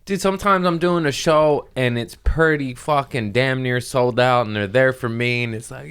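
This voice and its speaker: A man's voice: medium pitch, normal speed, hardly any pauses, a bit bright, clean tone. A man hosting his podcast in a casual, rambling way, tired and self-mocking, swearing freely. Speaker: podcast host. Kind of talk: casual chat.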